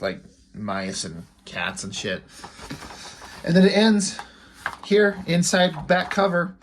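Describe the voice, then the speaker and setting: A man's voice: a little high, a little hiss or hum. Wry, offhand man reviewing comics.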